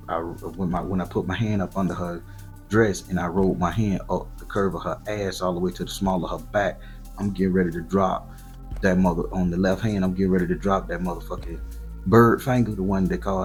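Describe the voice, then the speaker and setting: A man from southern Florida hosting his channel, telling a graphic, profane story in loose, slangy, animated monologue. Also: deep voice. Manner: profane, slangy and animated, voice jumping up for quoted lines. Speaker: storyteller host.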